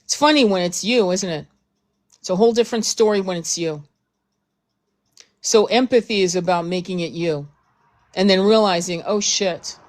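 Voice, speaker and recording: A woman's voice: lowish voice, normal speed, pauses often. A woman hosting a casual talk stream, speaking bluntly and emphatically, swearing often and repeating herself as she makes her point. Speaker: host. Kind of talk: heated casual commentary.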